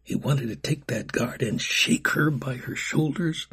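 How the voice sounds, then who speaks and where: Gravelly, husky male storyteller. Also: medium pitch, a little slow, fairly bright tone. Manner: dramatic reading, dropping to a whisper. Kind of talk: storybook narration.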